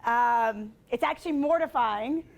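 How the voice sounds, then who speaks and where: A woman with a high voice speaks in a lively, chatty way, dropping in "like" often as she tells stories. She pokes fun at herself while driving home a motivational point. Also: measured pace, creaky, dull audio. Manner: chatty, filler-heavy with frequent "like"; self-deprecating humor. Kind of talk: storytelling motivational talk.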